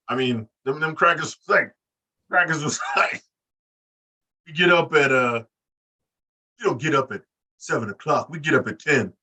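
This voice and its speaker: A man's voice: on the high side, animated, a little slow, pauses often, bright, forceful tone, breathy edge, distant mic. A man co-hosting a casual wrestling podcast who talks in a profane, mocking way and does voices when he retells scenes. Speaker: podcast co-host.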